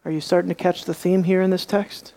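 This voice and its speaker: Woman bible teacher, sermon style, gets loud and high when she acts out the quotes. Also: a little fast. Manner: animated, acts out quotes with rising pitch and volume.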